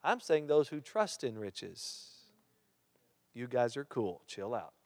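This time the preacher goes slowly, his mid-range voice slightly mellow yet swinging broadly in pitch. He reads scripture aloud before turning to the congregation with questions and jokes, in a hall with long reverb.

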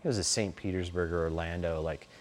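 As an interview guest, a middle-aged man tells stories casually and loosely, rambling and peppering them with "like" and "you know". His voice is low and quick, with fairly even intonation.

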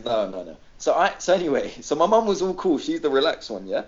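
A man's voice: fairly high pitch, big pitch swings, brisk, muffled recording. A man from Greece, a regular on a podcast, telling a story in casual chat, swearing freely and acting out the people he quotes.

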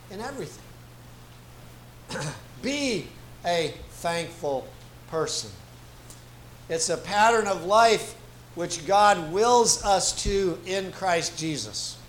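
A man preaching as a guest pastor, slow and emphatic, repeating key phrases for weight. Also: high-pitched. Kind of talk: sermon. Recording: echoey room with faint ambient noise.

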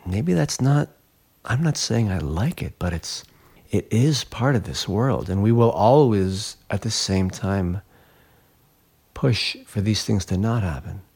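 A man's voice: fairly low pitch, expressive, unhurried, a little mellow, slightly rough. A man, a glassblower and interview guest, telling a personal story in an earnest, reflective way that livens up when he retells events.

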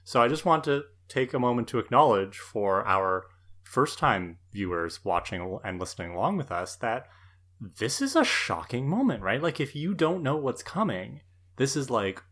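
A man co-hosting a podcast, discussing a TV episode in a lively, emphatic way. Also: mid-range voice, moderate pace. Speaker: podcast co-host. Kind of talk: casual TV discussion chat.

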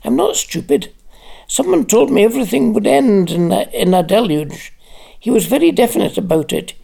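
A reader voicing an excitable, giddy old man who rambles eagerly, as an audiobook character. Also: medium pitch, moderate pace, creaky, breathy edge, pitched above the performer's own voice, heavily acted. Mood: excited. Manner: eager, chatty, a bit childlike.

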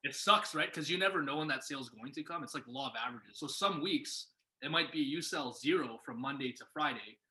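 A young man telling a story in casual conversation, lively and acting out what people said. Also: mid-range voice, a little fast. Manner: animated, acts out quoted voices. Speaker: guest. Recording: echoey room.

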